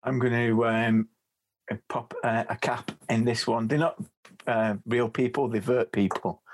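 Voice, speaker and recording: A man playing a tabletop role-playing game. He is laid-back and pauses as he declares his moves. His voice has an ordinary middle pitch. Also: steady tone. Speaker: player.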